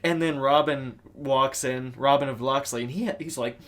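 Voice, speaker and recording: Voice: medium pitch, fairly even intonation, moderate pace, fairly bright tone. A podcast co-host in casual movie review chat, rambling and swearing freely, often laughing.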